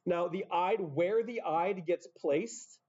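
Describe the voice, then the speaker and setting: A man lectures a class on chemistry, walking through each rule step by step and dropping casual asides. His voice sits a little high but sounds mellow and soft-edged. The recording is muffled and lo-fi, as if captured in a classroom. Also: slow, husky. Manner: explains step by step, self-interrupting asides. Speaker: high school chemistry teacher.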